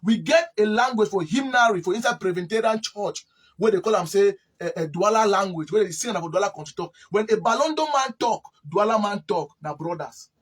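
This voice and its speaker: A man from Cameroon talks in a Cameroonian Pidgin English accent, telling a long, loose history account. His voice sits high and sounds breathy and husky. He often stalls and repeats words while he hunts for the next one. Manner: rambling, repeats words when searching. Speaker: interviewee. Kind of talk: casual spoken history account.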